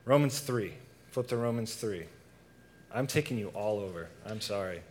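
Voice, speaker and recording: A man's voice: on the low side, animated, moderate pace, darkish tone, slight background noise. A young man preaching a casual sermon to a youth group, asking the audience questions and reading scripture.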